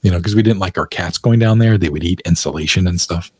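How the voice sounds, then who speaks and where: A man's voice: deep voice, fast, darkish tone, breathy edge, no room sound. A man, a podcast guest, telling a personal story in loose, chatty speech full of fillers, often laughing. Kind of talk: casual storytelling in a podcast interview.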